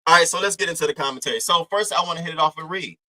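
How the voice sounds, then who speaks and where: A man's voice: a little high, rapid-fire, pushed and bright, low-quality recording. A young man hosting a casual live-stream commentary, talking loose and profane in slang and greeting chatters by name.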